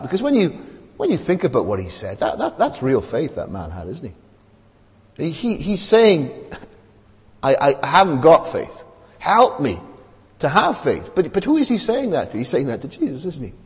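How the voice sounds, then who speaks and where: Man, sermon, lively pitch, conversational tag questions, long church-hall reverb. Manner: conversational, asks many tag questions, frequent fillers. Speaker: preacher.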